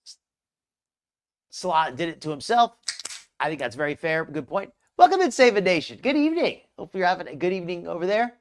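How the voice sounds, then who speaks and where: Speaking fairly quickly with big swings in pitch around a medium register, a live-show host offers casual commentary. He or she wanders from topic to topic and says hi to viewers in the chat.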